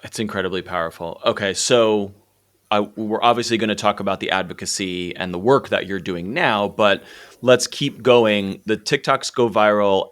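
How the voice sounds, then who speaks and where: A man hosting a podcast interview, reflective and casual, with occasional swearing, and he grows softer when he is moved. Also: sits low. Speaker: podcast host. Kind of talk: conversational interview.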